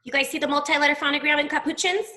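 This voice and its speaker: A woman teaching young children in an online class, talking slowly and patiently, spelling out sounds. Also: sits high, fairly even intonation, bright, forceful tone, slight background noise.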